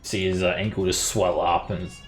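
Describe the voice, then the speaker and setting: A man narrating as game master in a tabletop game, relaxed and halting with fillers. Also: low voice, faint music behind.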